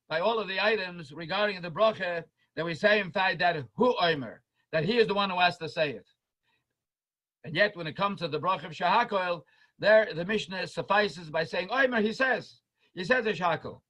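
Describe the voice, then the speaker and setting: A man's voice: sits high, pushed and bright, poor audio. A man teaching a Talmud study class as a rabbi, chanting quoted texts in a sing-song and repeating words for emphasis. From United States.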